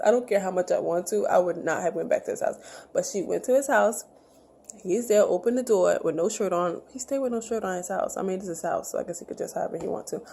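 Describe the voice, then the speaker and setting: A woman recaps a TV episode in a casual, chatty way. She jumps into the characters' voices as she goes. Her tone is mellow with a slight gravel, and a faint noise floor sits under the recording. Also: medium pitch. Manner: chatty, retells scenes acting out characters' lines. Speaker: show review vlogger.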